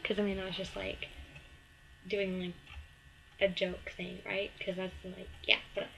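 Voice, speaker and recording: Teen girl vlogger, rambling gossip story, mid pitch, faint hiss behind her. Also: fairly even intonation, normal speed, creaky, long pauses, fairly bright tone, low-quality recording. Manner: chatty, lots of "like" and "um", acts out the other girl in a snippy higher voice. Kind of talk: casual storytelling to camera.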